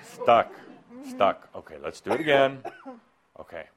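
Over crowd noise, a male workshop leader gives a live seminar talk into a handheld or clip-on mic, with a playful, teasing coaching style. His mid-range voice is sing-song and his pace is measured.

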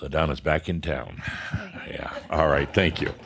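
This spiritual teacher has a very deep, slightly slow voice with vocal fry, and there's heavy noise in the background. He runs a live workshop with an audience, coaching one participant in a profane, blunt manner full of laughter.

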